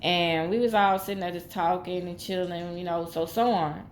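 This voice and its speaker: A woman's voice: lowish voice, fairly even intonation, moderate pace, a little hiss or hum. A woman telling a personal story in casual talk, rambling and repeating herself as she acts out what everyone said. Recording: echoey room with faint ambience.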